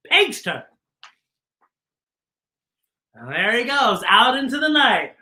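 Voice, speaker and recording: A woman's voice: a little high, slow, long pauses. A woman hosting a children's storytime, reading a picture book aloud with exclamations and questions to the kids. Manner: animated, exclamatory, talks to kids directly.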